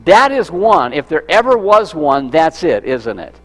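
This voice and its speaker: Male pastor, chatty sermon delivery, a touch high-pitched, reverberant hall recording. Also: very animated, a little slow, a bit bright. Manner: conversational, repeats words and restarts, asks the congregation questions. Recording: echoey hall with mains hum.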